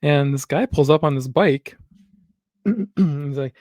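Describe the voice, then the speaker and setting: A man's voice: fairly high pitch, normal speed, no room sound, clean studio sound. A man from Wisconsin, co-hosting a casual podcast chat and acting out both sides of the conversations he retells. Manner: animated storyteller who acts out both sides of a conversation. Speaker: podcast co-host.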